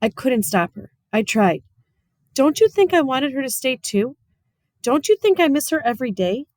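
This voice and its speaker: A woman voicing a gentle, weary preacher father who speaks softly and earnestly. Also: sits high, sing-song, moderate pace, no echo, studio quality, pitched above the performer's own voice. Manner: soft, earnest and tender.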